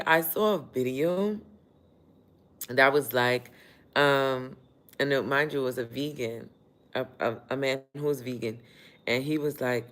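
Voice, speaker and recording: A man hosts a relaxed livestream, talking in an everyday mid-range voice. He keeps up a chatty, motivational flow, reads out viewer comments and laughs as he goes, working while he talks. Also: mid-range voice, unhurried, long pauses. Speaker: livestream host. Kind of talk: casual livestream chat.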